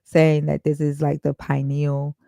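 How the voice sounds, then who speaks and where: A woman with a low voice and a strong gravelly fry, recorded close and dry. She asks probing questions and thinks them through aloud in a relaxed, curious way. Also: a little slow, no echo. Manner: inquisitive, asks pointed questions and reasons them out. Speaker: podcast co-host discussing the Bible. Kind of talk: casual chat.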